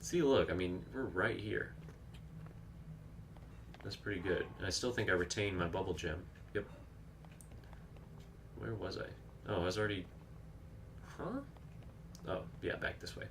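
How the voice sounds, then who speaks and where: A man with a fairly low but bright, forceful voice, talking through a live game stream. He chats loosely, exclaims at what happens on screen and answers his viewers' comments. A faint hiss sits under the voice. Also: measured pace, creaky, pauses often.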